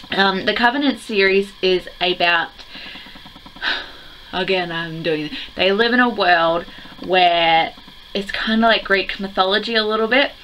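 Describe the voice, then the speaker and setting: A teenage girl talks to camera about books in a loose, rambling way and fills her sentences with "like." Her voice sits a little low but has a bright, crisp edge. It comes across as casual, off-the-cuff vlog chat. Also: slight background noise, rough recording. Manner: rambling and chatty, heavy on "like" fillers. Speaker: book vlogger.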